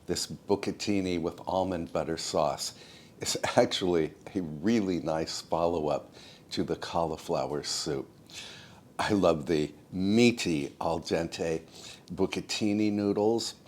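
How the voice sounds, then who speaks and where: A man narrating his own home cooking vlog in a soft-spoken, unhurried and homey way, speaking to his viewers as friends. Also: low voice.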